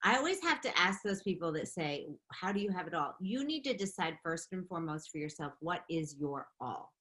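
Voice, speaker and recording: A middle-aged woman telling stories in a casual interview, animated and quick to laugh. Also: lowish voice. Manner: animated, laughing, chatty storytelling. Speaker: interview guest, makeup artist and beauty founder.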